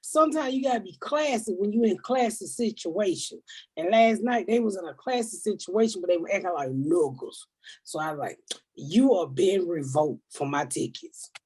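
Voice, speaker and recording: An older woman hosting a comedy podcast, loud and profane as she vents in heated, casual storytelling. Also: medium pitch, animated, a little fast, breathy edge. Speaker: host.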